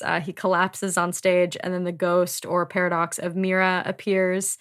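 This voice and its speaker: A woman's voice: on the low side, completely flat delivery, normal speed, fairly bright tone, clean tone. A woman hosting a book podcast, chatting casually, laughing often and swearing freely. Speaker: podcast host.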